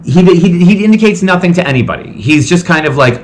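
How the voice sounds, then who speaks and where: A man's voice: fairly high pitch, animated, moderate pace, a little hiss or hum. A man hosting a casual film recap, chatty and rambling and full of "like". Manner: chatty and rambling, heavy use of "like". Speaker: host.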